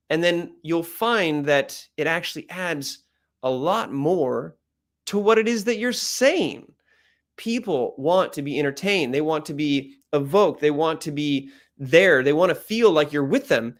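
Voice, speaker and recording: Man, loud and animated, coaching delivery, slightly high voice, swings speed and volume. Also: moderate pace. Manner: animated, plays with speed, loudness and pitch for emphasis. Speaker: speaker coaching on pitching. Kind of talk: energetic presentation coaching.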